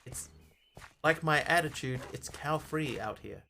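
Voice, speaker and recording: Bright-voiced man streaming a game. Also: fairly high pitch, measured pace, creaky, a little hiss or hum. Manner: chatty, greets viewers while playing. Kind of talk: live gameplay commentary.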